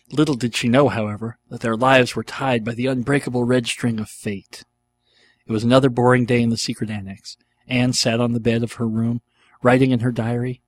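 A man reading a dramatic fan fiction aloud in an earnest, storytelling manner. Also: mid-range voice. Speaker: narrator.

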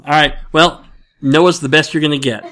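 A man's voice: fairly high pitch, steady tone, moderate pace, a bit bright. A man hosting a casual podcast, rambling and self-mocking, with lots of fillers. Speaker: podcast host.

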